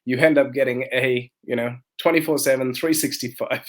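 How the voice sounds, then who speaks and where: A man's voice: mid-range voice, moderate pace. A man guesting on a podcast, telling stories about his businesses casually and animatedly, laughing often. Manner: animated, laughs often, acts out quoted dialogue. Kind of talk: casual storytelling in conversation.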